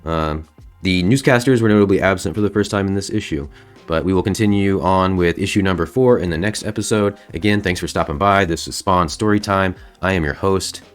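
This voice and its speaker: A man's voice: deep voice, a little fast, soft background music. A man hosting a casual comic book recap, laid-back and slangy, with lots of fillers. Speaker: host.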